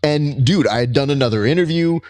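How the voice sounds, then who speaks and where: A man hosting a grappling podcast, telling stories in a casual, animated way and acting out his own reactions. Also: a little fast. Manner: animated storyteller, jumps high when quoting himself. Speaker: podcast host. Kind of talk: casual interview chat.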